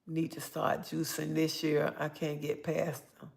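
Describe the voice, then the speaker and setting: Gravelly older woman chatting on a livestream. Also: sits low, a little slow. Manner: chatty, animated storytelling with bursts of excitement. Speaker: livestream host. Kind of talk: casual live-stream chat, reading comments aloud.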